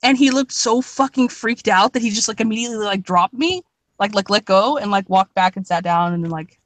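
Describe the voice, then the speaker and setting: A woman's voice: mid-range voice, a little fast, dry recording. A young woman telling a story in a casual chat, rambling with lots of "like" and swearing. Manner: rambling, many "like"s, swears, laughs a lot. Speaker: podcast co-host.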